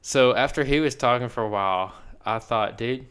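A man's voice: mid-range voice, normal speed, fairly bright tone, smooth. A man co-hosting a podcast, chatting casually and rambling through a story. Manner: rambling storyteller, acts out quotes. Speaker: podcast co-host. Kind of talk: casual chat.

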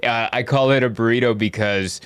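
A man's voice: medium pitch, a little fast, fairly bright tone, clear, resonant tone, no echo. Wry man hosting a podcast, dry sound. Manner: wry, self-deprecating banter. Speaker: podcast host, comedian. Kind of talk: casual podcast chat. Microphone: studio microphone.

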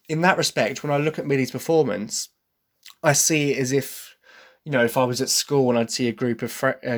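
Man, Essex accent, solo podcast host, mid pitch, thinking aloud, self-questioning review. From Essex, England. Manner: thinks aloud, weighing his own bias.

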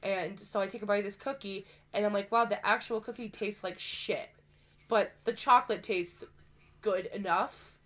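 A woman's voice: medium pitch, fairly even intonation, moderate pace, fairly bright tone. A woman co-hosting a casual podcast, sick and short of breath, telling stories with lots of swearing and laughter. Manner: profane, laughing storyteller. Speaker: podcast co-host.

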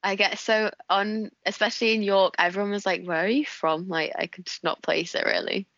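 A woman's voice: mid-range voice, fairly even intonation, normal speed, fairly bright tone, no room sound, muffled recording. A woman in her twenties with a Wigan-area northern English accent, chatting casually as a podcast guest and often laughing as she tells stories. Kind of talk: casual chat.

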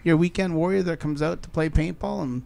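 A man with a fairly high, gravelly voice, walking through technical advice one step at a time. He stays relaxed and chatty, as on a podcast. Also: brisk. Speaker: podcast co-host. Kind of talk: casual chat.

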